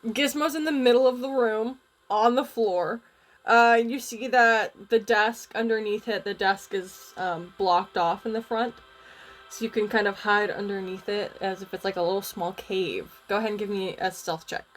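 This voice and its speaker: A young woman game master narrating a tabletop game in a casual, halting way. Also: mid-range voice, steady tone, soft background music.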